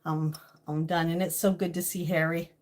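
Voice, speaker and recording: A woman's voice: low-pitched, level tone, normal speed, a little mellow. A woman live-streaming from her home kitchen, greeting viewers by name and talking through her feelings in casual chat. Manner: talks to chat viewers by name, emotional and venting.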